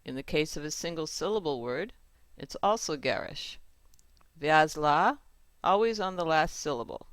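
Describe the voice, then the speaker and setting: A teacher calmly explaining Torah chanting marks, repeating each rule and checking in with the learner. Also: mid-range voice, normal speed, clear, resonant tone, no echo. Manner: patient, repeats rules and checks with "right?". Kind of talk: step-by-step lesson with sung examples.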